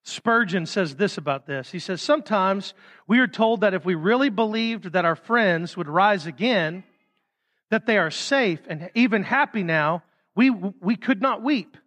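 High-voiced preacher in a reverberant hall. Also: male voice, lively intonation, measured pace. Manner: emphatic, swings from loud stresses to soft drops. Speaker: pastor. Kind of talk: sermon.

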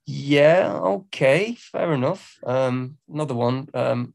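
An English-accented man, a singer-songwriter appearing as a podcast guest, talks in a slow, mid-range voice with vocal fry and a darkish tone, rarely pausing. He sounds hesitant, filling his speech with lots of ums and laughing at himself during the casual interview.

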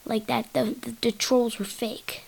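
A woman's voice: fairly high pitch, little pitch movement, a little slow, creaky, breathy edge, rough recording. A woman hosting a solo podcast, rambling in a silly, giggly way and jumping from topic to topic. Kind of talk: rambling casual monologue.

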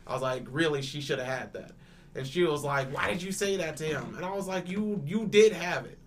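A young man with a fairly high voice speaks a little fast as a panelist in a casual podcast chat, with slight background noise. He's animated, telling a long story, laughing often, repeating and restarting words, and swearing freely. He also acts out both sides of quoted exchanges.

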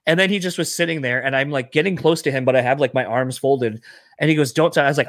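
A man's voice: mid-range voice, fast talker, no room sound. A man who works as a bar bouncer, telling a story in casual chat, swearing freely and acting out what everyone said. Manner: profane, animated storyteller acting out quotes.

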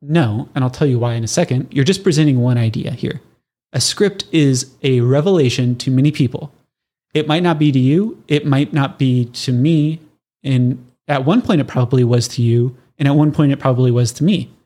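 A man from Southern California with a Californian accent, hosting a solo podcast in a casual, animated teaching style, often laughing and acting out his listeners' reactions. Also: medium pitch, moderate pace. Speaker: podcast host.

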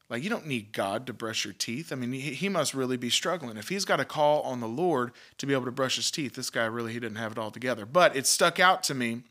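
A man's voice: mid-range voice, lively intonation, fast, few pauses, bright, forceful tone. A man, hosting a devotional podcast in an earnest, emphatic way, often repeating words and restarting sentences. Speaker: podcast host, Christian teacher.

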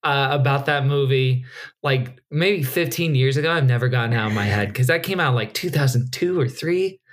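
A man's voice: medium pitch, moderate pace. A man co-hosting a podcast, chatting casually and wryly, quoting old movie lines. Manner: wry, joking, quotes movie lines. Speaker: podcast co-host.

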